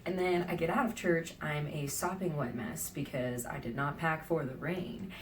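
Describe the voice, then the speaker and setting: A woman vlogging from a hotel room, telling her travel stories in a chatty, animated way, with whispered asides now and then. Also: sits low, moderate pace, far from the mic, a little hiss or hum. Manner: chatty, animated, acts out quoted lines, drops into whispered asides. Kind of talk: casual travel vlog storytelling.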